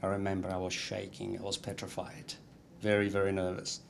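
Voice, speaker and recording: A man's voice: sits low, monotone, a little fast, gravelly, slight background noise. Man telling stories. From Italy. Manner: warm anecdotal storytelling with many fillers. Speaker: guest speaker. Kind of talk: storytelling talk.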